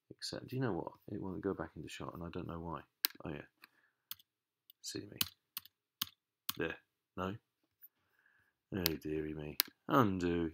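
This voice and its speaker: A man teaching a language lesson over his screen, explaining each step patiently and stressing key words, sometimes muttering to himself while he fixes the software. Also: sits low.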